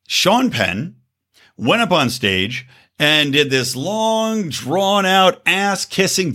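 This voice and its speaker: A man's voice: medium pitch, fairly bright tone, husky. A male podcast host with a scratchy throat, ranting in angry, profane, sarcastic political commentary.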